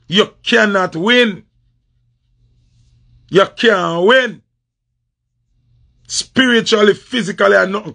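A man's voice: sits high, gravelly, a bit bright, breathy edge. A man with a Jamaican accent delivering a confrontational, repetitive rant in patois. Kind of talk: heated social media rant.

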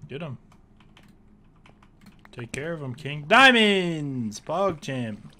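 A young man in casual gaming chat, playful and teasing, quick to laugh. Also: a little high, very animated, bright, forceful tone, a little hiss or hum. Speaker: gamer.

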